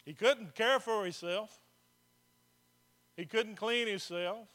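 Bright high-voiced male pastor preaching. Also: takes it slowly. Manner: conversational preaching with rhetorical questions to the congregation; repeats phrases for emphasis. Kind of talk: sermon.

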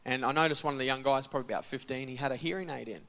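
A man's voice: medium pitch, rapid-fire, creaky. A man, a church member casually telling a testimony and acting out the dialogue. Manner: casual, animated, acts out dialogue. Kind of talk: testimony storytelling.

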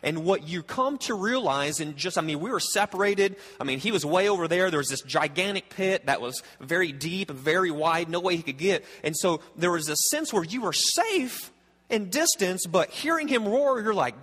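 Male pastor, a touch high-voiced, preaching earnestly with emphatic repeats, long hall reverb. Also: animated, moderate pace, fairly bright tone, breathy edge. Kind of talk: sermon.

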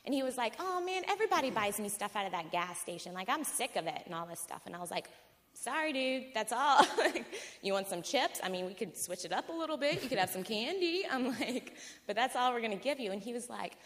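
A woman tells a personal anecdote to a live audience in a lively, filler-heavy way, often breaking into laughter. Her voice sits at a middling pitch. It carries the long reverb of a large hall. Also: a little fast. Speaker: guest storyteller.

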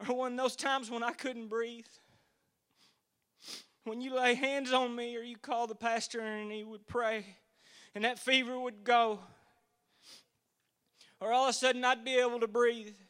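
High, bright-voiced man in his forties preaching. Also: little pitch movement, a little slow, pauses often, clear, resonant tone. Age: 40s. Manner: folksy storytelling that builds to fervent emphasis. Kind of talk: sermon.

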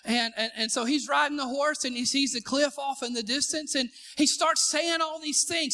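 A male pastor with an unusually high voice delivers a sermon in a church sanctuary. His tone is bright and forceful. He cracks self-deprecating jokes and calls for the congregation to shout back. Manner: joking, calls for responses from the congregation. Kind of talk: live sermon.

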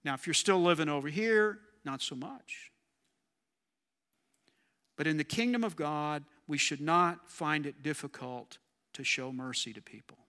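A man's voice: fairly high pitch, measured pace, bright, forceful tone, big-room sound. A man preaching a sermon in a conversational way, often asking his listeners questions. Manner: conversational, asks the audience questions.

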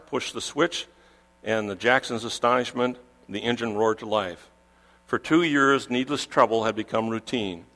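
A man's voice: lowish voice, bright, forceful tone. Emphatic male preacher in a reverberant hall. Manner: emphatic, repeats key phrases for stress. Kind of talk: sermon.

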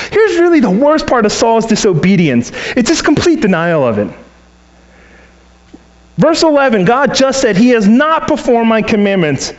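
A man's voice: high voice, dull audio. A man preaching a sermon as a pastor, storytelling and acting out the voices he quotes. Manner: animated, acts out quoted voices.

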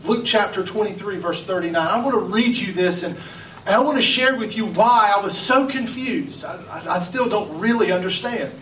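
A man from West Virginia preaching a sermon, dramatic, with pauses and acted-out voices. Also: high-pitched, fairly bright tone, a little hiss or hum. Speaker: pastor. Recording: echoey, from far off, faint music.

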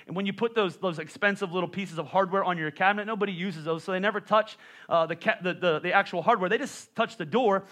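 A man's voice: sits high, pushed and bright. A man in his thirties preaching a sermon, telling a comic story with playful self-mocking asides. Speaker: pastor.

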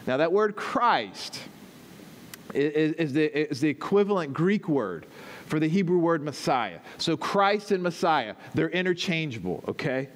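A man's voice: on the high side, big pitch swings, a little slow, a little hiss or hum. A man, the pastor, preaching a teaching sermon, explaining step by step and checking in with his listeners as he goes.

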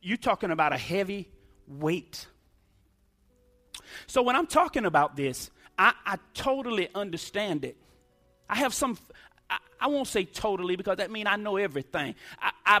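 High-voiced preacher giving emphatic testimony. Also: male voice, very animated, moderate pace, pushed and bright, soft background music. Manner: emphatic, call-and-response preaching. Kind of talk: sermon testimony.

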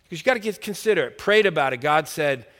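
Middle-aged male pastor, bright, fairly high voice, storytelling sermon, reverberant church hall. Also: lively intonation, fast talker. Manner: storytelling, acts out quoted dialogue, builds to loud preaching.

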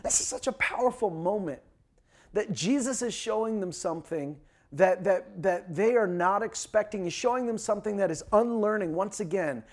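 High-voiced conversational male preacher. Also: moderate pace. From Canada. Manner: conversational, with frequent fillers and repetitions. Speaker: pastor. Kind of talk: sermon.

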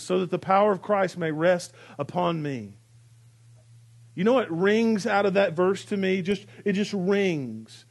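A male pastor preaching a sermon in a church, swinging between emphatic lines and soft, hushed repetitions. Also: sits high. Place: church sanctuary.

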